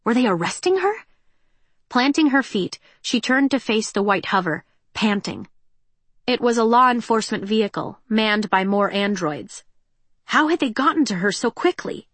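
A woman reading an audiobook in a measured, tense and expressive way. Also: mid-range voice, no room sound. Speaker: narrator. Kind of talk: audiobook narration.

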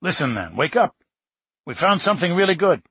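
Excited young brooklyn man with a secret, as a reader puts him on, husky, dry. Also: high voice, fairly quick, no echo, pitched above the performer's own voice, full character voice. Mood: excited teasing.

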